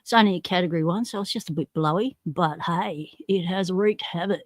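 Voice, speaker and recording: A woman's voice: lowish voice, a little fast, no room sound, clean studio sound. An Australian woman hosting a casual livestream, chatty and self-deprecating, greeting viewers one by one by name. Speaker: livestream host.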